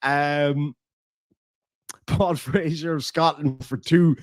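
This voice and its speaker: A man's voice: a little high, fairly even intonation, slow pace, no echo, clean studio sound. An Irish man hosting a livestream, chatting in a rambling, profane way and reading out viewer donations. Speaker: livestream host. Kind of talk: casual livestream chat.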